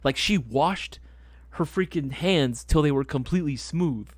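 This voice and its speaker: A man hosting a casual live stream chat, telling stories in an animated way, swearing freely and laughing often. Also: on the high side, a little slow, no echo. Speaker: host.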